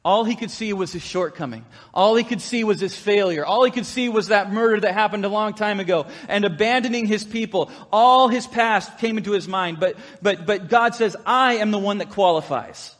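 A man preaching a sermon to his congregation, telling a story in a lively, conversational way. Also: high voice, moderate pace, few pauses. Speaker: pastor. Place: church sanctuary. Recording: long hall reverb.

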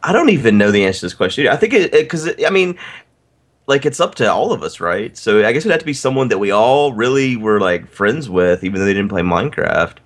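A man's voice: fairly low pitch, sing-song, fairly quick. A man co-hosting a podcast in rambling casual chat, laughing often. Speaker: podcast co-host.

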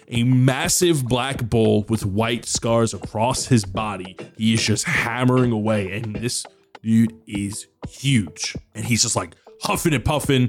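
Male dungeon master, mid pitch, chatty narration full of fillers. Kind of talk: narrating a tabletop game.

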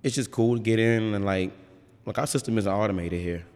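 A man's voice: lowish voice, brisk, a little mellow, big-room sound. A man brewer chatting casually in an interview, rambling and frank, swearing freely.

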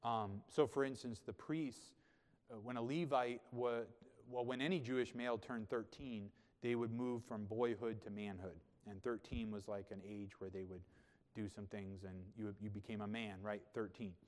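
A man's voice: on the low side, fairly even intonation, normal speed. Emphatic preacher man in a reverberant hall. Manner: conversational, emphatic preaching that swells to loud peaks. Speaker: pastor. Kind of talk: sermon.

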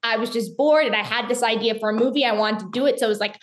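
A woman's voice: a little high, very fast. An eighteen-year-old woman from North Carolina, a filmmaker guest chatting eagerly in an interview with lots of "like"s. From North Carolina, USA. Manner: bubbly, chatty, many "like"s. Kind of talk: casual interview talk.

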